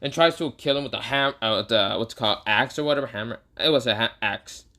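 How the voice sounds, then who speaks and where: Rambling young man with a bright voice. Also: medium pitch, fast talker. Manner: rambling, many fillers and self-corrections. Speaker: storyteller. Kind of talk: casual fan-story retelling.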